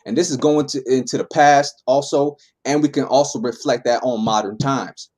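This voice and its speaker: A man teaches a scripture class in a loose, talky style, with a voice of ordinary male pitch. He reads a verse, then unpacks it casually and keeps asking "right?" to pull his listeners along. He talks like he is chatting with friends rather than preaching from a pulpit. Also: fairly even intonation, moderate pace, a little mellow. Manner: conversational, tags lines with "man" and "right?".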